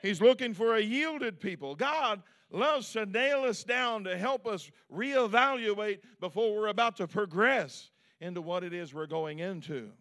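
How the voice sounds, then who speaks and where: A man preaching a sermon as pastor, swinging between loud, shouted peaks and quiet, low asides. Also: expressive, a little slow, hardly any pauses.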